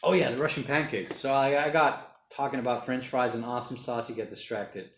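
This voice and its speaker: A man's voice: medium pitch, fairly even intonation, fairly quick, fairly bright tone, reverberant. A man hosting a casual livestream, rambling and reading viewer comments aloud. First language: Portuguese. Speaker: livestream host reading chat. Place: home room during lockdown.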